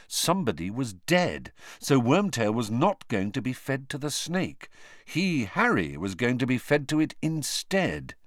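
Male audiobook reader, lively intonation, close dry sound. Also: lowish voice, no room sound. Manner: expressive reading. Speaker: audiobook narrator. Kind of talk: scripted storybook narration.

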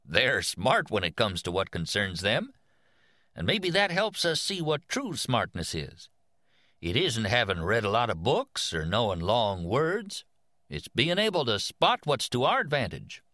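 A man's voice: mid-range voice, huge pitch swings, a little slow, bright, forceful tone, dry recording, studio quality, pitched above the performer's own voice, exaggerated voice. A man voicing an elderly, white-haired male teaching machine with a put-on Kansas drawl, kindly and homespun. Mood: folksy musing. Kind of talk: audiobook character voice.

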